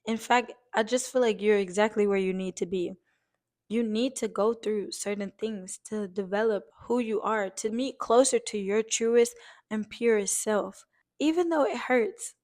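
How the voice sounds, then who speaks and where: A woman's voice: medium pitch, unhurried, darkish tone. A young woman talking casually to her viewers, earnest and close to tears, giving heartfelt encouragement with many "likes" and a few swears. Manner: earnest, emotional, on the verge of tears; casual, uses fillers like "like" and swears lightly. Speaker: vlogger. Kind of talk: heartfelt encouraging vlog talk.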